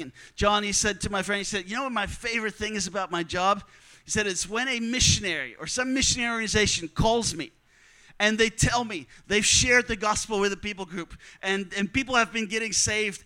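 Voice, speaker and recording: High bright clear-voiced male preacher. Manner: storytelling, earnest, repeats key lines for emphasis. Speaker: missionary preacher. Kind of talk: sermon to students.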